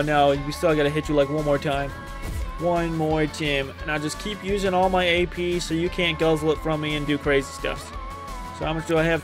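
High-voiced excitable gaming streamer man. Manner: excitable, scolds and taunts the enemies out loud. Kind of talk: blind let's-play commentary.

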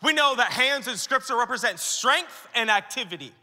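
A man's voice: very high voice, expressive, normal speed, sharp tone, long reverb tail. A man preaching a sermon to church leaders at a conference, talking casually and acting out the voices he quotes. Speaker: pastor. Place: large conference hall.

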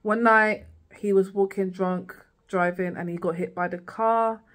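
A woman's voice: medium pitch, fairly even intonation, unhurried. A woman vlogging a casual, rambling recap of a TV series, full of "like" and "girl" asides.

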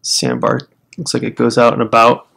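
A man's voice: medium pitch, sing-song, moderate pace, creaky. Chatty American man walking viewers through a game. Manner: chatty, explains steps to viewers as he plays; breaks into loud startled exclamations. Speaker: gamer showing a survival game. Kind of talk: casual game commentary.

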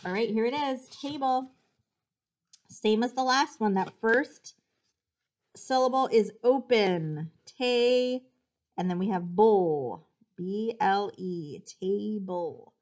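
Woman teacher, spelling dictation lesson, unhurried, carefully sounds out syllables. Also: medium pitch, darkish tone. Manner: patient, slow and deliberate, sounding out syllables.

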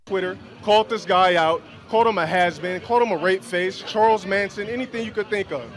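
A man's voice: sits high, a bit bright. A man confronting someone outdoors in a brash, taunting, profane way. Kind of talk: heated street confrontation.

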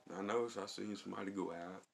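A deep-voiced man with a rough, gravelly edge spins casual stories for his vlog. His talk is colloquial and meandering, with frequent chuckles. Faint room noise sits behind him. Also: steady tone, fast talker. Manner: rambling, colloquial, chuckles often. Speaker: vlogger telling stories. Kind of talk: casual storytelling.

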